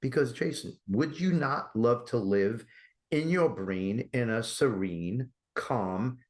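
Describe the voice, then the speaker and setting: A man talking as a guest on an interview podcast, energetic and persuasive, often asking rhetorical questions. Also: mid-range voice, slow. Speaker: guest, mental health campaign creator.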